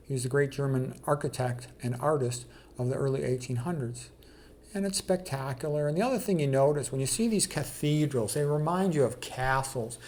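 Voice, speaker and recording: A man's voice: medium pitch, darkish tone, slight background noise. A man walks through a slideshow of paintings in a loose, conversational way. He speaks bluntly and with emphasis, often saying "okay" and "you know" as he moves on. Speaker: presenter of an art slideshow. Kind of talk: casual commentary on a slideshow.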